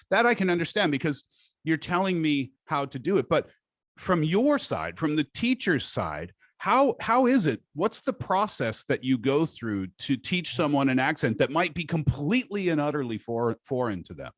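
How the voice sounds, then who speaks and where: Lively interviewing man, dry sound. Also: on the high side, normal speed, no room sound. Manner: searching, wording questions carefully. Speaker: podcast host. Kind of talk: interviewing a guest.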